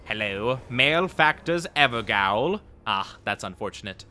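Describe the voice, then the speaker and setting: This VTuber's mid-range voice is sharp and unhurried, with lively intonation. He talks playfully to his chat while streaming a game, laughing often in a casual commentary style.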